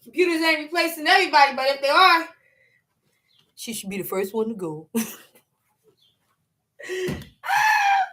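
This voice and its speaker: A woman chats on a livestream, joking freely and jumping between hushed asides and loud outbursts. Her voice sits high and swoops widely, with a bright, sharp edge. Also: brisk, long pauses, a little hiss or hum. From New York. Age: 40s. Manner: animated, joking, breaks into laughs and shouts. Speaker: livestream host. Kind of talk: casual livestream chat.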